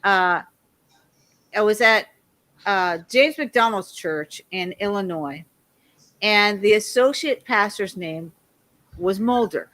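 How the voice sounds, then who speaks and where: A loud, animated woman in her fifties rambles through a story as an interview guest. Her voice is bright and forceful, at an ordinary middle pitch for a woman. She laughs often between her lines. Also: slow, long pauses.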